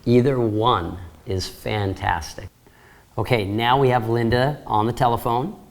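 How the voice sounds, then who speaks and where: A man's voice: on the low side, a little mellow. A man giving a sales training lecture, coaching trainees in an upbeat, direct way.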